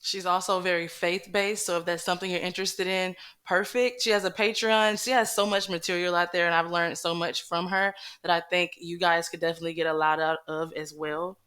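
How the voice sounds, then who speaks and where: Woman host, earnest and reassuring, low smooth voice. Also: steady tone, a little fast, hardly any pauses, a bit bright. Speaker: compilation host. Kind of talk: casual introduction.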